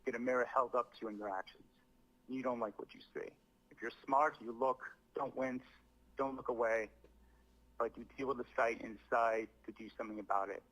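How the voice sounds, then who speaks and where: A man reading a scripted apology video, speaking deliberately and stressing words as if acting. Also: mid-range voice, fairly even intonation, fairly bright tone, low-quality recording. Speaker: comedian making an apology video.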